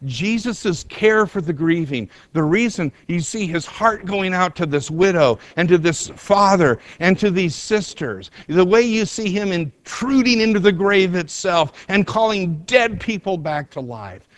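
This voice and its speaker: A man's voice: high-pitched, expressive, a little slow, few pauses, dry recording. A man preaching an earnest sermon, retelling a scripture story with rising emphasis. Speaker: pastor.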